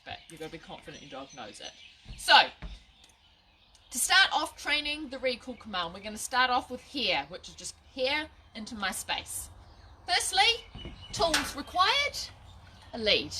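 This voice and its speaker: Woman, dog trainer, bright tone, chatty live lesson, faint background noise. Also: on the high side. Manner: chatty, laughs at own slips, many restarts. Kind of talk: casual instructional live video. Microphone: phone or camera at a short distance.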